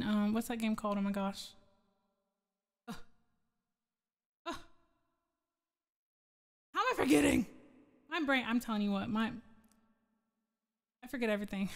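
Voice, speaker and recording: Woman streamer chatting w her chat, kinda high voice, giggly and all over the place, long reverb on her mic. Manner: rambling, giggly, scatterbrained. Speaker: streamer and singer. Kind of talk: casual chat with live chat.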